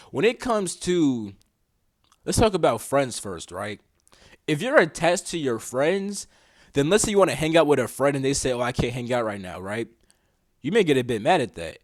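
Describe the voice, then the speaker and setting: Fast-talking slangy young man. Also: medium pitch, no room sound, poor audio. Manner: slangy and swearing, keeps asking "you know what I'm saying". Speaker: spiritual teacher. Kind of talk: casual spiritual talk to camera.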